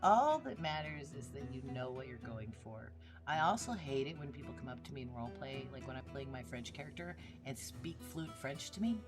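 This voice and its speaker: A woman with a very low voice chats on a podcast about roleplay. She tells her stories bluntly and with a lot of energy, swearing freely. Music plays clearly behind her. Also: expressive, a little fast. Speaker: roleplay streamer. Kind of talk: casual podcast chat.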